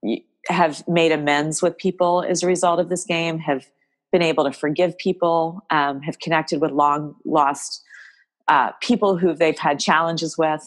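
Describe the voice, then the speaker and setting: Low-voiced woman telling a heartfelt story. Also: steady tone, a little slow. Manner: emotional, tearful while telling a story; rambling with many restarts. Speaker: guest, game creator. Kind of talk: conversational interview storytelling.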